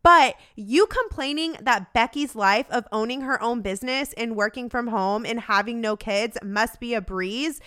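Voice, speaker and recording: Young woman podcast host, peppy tough-love coach vibe, bright crisp voice. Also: a little high, normal speed, hardly any pauses. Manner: upbeat, direct, coaching, calls listener girl. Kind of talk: motivational podcast talk.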